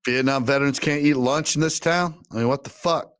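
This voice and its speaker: A man's voice: mid-range voice, fairly even intonation, fairly quick, a bit bright, clean tone, no echo. Crude joking podcast co-host man. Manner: crude, joking, acts out movie scenes with big emotional swings. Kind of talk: casual comedic chat.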